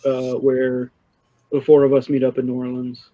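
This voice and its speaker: A man's voice: medium pitch, completely flat delivery, moderate pace, mellow. A man in upbeat, teasing casual chat. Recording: dull lo-fi mic.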